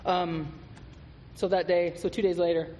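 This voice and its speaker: Guy sharing his sobriety story at a meeting, kinda high voice, blunt and swears a lot, big echoey hall. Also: flat delivery, a little slow, a little mellow. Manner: frank and profane, storytelling with laughs. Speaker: AA guest speaker. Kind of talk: candid recovery testimony. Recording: reverberant hall with faint noise.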